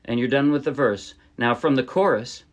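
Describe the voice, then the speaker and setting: A man's voice: mid-range voice, normal speed. A man teaching ukulele in a casual tutorial, explaining in a chatty, friendly way and often correcting himself mid-sentence. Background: his own ukulele playing.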